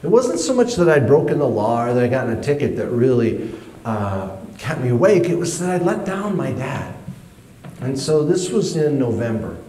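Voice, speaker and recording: A man telling a personal story to an audience, animated, jumping high in pitch when he acts his younger self. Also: normal speed, echoey room, a little hiss or hum.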